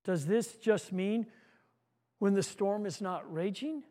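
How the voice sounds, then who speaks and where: A man's voice: sits high, takes it slowly, dark tone. A male pastor preaching an earnest sermon, repeating words as he goes and acting out a story.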